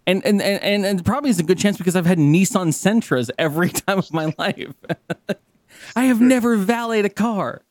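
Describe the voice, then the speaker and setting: A man's voice: high-pitched, lively intonation, normal speed, a little mellow, dry recording. Young man, podcast co-host, casual chat, rambling, swears a lot, dry close sound. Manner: rambling storyteller who swears freely.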